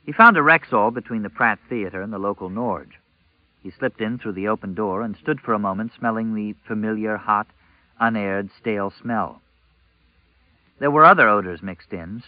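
A man narrates a novel at an even, measured storytelling pace. His voice is fairly low. The recording is dry and a little dull. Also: no room sound. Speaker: audiobook narrator.

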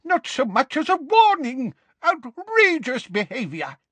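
A man's voice: high voice, animated, measured pace, darkish tone, no room sound, pitched above the performer's own voice. A man voicing a fussy elderly male wizard examiner who is easily scandalized, in a storybook reading. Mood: outraged. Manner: prim, flustered, scandalized.

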